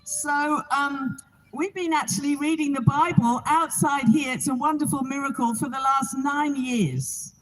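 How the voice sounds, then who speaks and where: A woman's voice: high-pitched, fairly even intonation, measured pace, poor audio. A woman from England, giving an earnest, heartfelt spoken testimony outdoors to a gathering. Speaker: Bible reading organizer.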